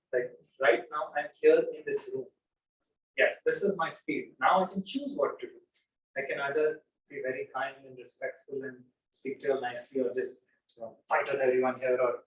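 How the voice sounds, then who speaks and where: A man leading an informal spiritual talk with an audience, telling stories and acting out his examples with lively energy. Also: mid-range voice. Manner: animated storyteller, acts out examples. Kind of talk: informal lecture with audience questions. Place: room with a small audience. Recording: echoey room, mic at a distance.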